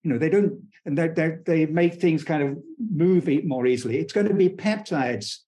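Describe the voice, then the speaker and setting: A man speaking as a guest scientist in an interview, talking fast and enthusiastically, blunt and digressive, with frequent restarts. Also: a little high, dark tone. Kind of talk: conversational interview explanation.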